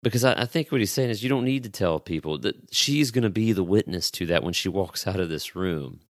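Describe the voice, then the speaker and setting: Deep-voiced man preaching a sermon. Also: animated, no echo, clean studio sound. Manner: retells the story in dramatic voices, slowing to emphasize. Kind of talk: sermon on a Bible passage.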